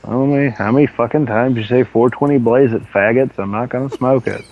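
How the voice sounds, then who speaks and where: A man's voice: mid-range voice, a little fast. Profane man on a tinny line. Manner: profane, rambling storyteller. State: sore throat. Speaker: podcast co-host. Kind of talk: casual gaming podcast chat.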